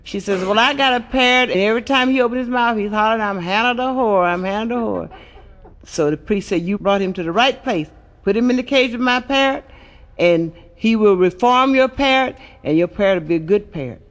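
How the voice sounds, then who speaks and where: A woman's voice: a little high, brisk. A brash woman comic working through raunchy jokes and bawdy verses with punchy, crude delivery. It is a stand-up album recording. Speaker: stand-up comedian. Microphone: comedy album recording.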